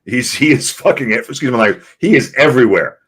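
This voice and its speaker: A man's voice: medium pitch, expressive, a little fast, a bit bright, slightly rough. A man from New England in casual conversation, rambling and repeating words as he talks. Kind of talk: casual live-stream chat.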